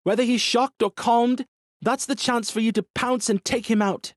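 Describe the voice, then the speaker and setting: A woman's voice: a little high, steady tone, moderate pace, no echo, studio quality, pitched above the performer's own voice, natural voice. Viola, a man voicing a brave, urgent woman. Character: brave, determined young woman under pressure. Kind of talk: audiobook character voice.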